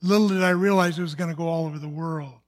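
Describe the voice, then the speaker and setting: Older man, pastor, high voice, earnest testimony, halting restarts. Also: steady tone. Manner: earnest storytelling with frequent restarts and fillers. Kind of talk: personal testimony sermon.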